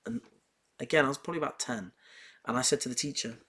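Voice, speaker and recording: A young man with a medium-pitched voice, hosting a podcast. He talks casually and heats up as he tells personal stories. He repeats his points for emphasis. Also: fast talker, bright, forceful tone, husky. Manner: emphatic, heated storytelling with repetition. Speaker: podcast host. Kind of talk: casual monologue on self-improvement.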